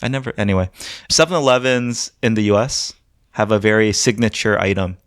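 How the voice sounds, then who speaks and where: A man from the United States co-hosting a podcast in casual chat, relaxed and chatty, laughing often as he tells stories. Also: lowish voice, a little fast, dry recording, studio quality. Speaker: podcast co-host.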